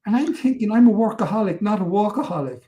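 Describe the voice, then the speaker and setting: An older man with an Irish accent, telling his life story as a podcast guest, animated and acting out voices. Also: high-pitched, quick pace. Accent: Irish, Cork. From Ireland. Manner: animated, acts out quotes, swears freely. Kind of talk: storytelling interview.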